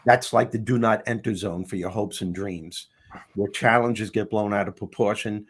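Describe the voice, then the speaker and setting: Low raspy guy chatting about his book, telling it like a story. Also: moderate pace. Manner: animated storyteller, casual. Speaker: author guest. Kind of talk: interview conversation.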